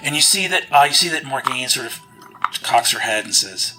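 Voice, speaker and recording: A man running a tabletop game as game master, with a bright, forward voice at a middle pitch. He walks the players through each scene with loose, descriptive narration. He leans on "you see" and plenty of fillers as he goes. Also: animated, normal speed, soft background music, low-quality recording.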